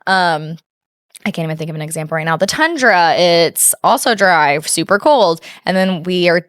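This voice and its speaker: A woman's voice: on the low side, animated, normal speed, no room sound, studio quality. A young adult woman co-hosting a podcast, telling stories in a chatty way with lots of fillers. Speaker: podcast co-host, former teacher. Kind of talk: casual chat.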